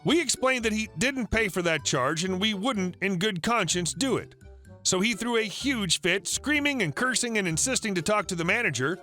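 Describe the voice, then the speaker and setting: A man reading online revenge stories as a scripted narration, upbeat and expressive. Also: high voice, moderate pace, faint music behind. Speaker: story narrator.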